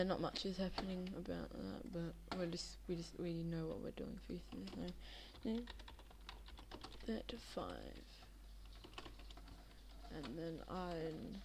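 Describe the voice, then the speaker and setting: A woman's voice: fairly low pitch, slow pace, gravelly, noisy background. A tired young woman rambling casually over a game she is playing, drowsy, with many fillers. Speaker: Minecraft video maker. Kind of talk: casual gameplay commentary.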